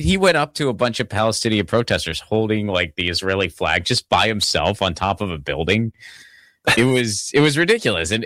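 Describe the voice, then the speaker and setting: Low-voiced profane podcast host. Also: male voice, a bit bright, no echo, clean studio sound. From Pittsburgh, Pennsylvania. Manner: rambling, profane, full of restarts and asides. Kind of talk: casual political chat.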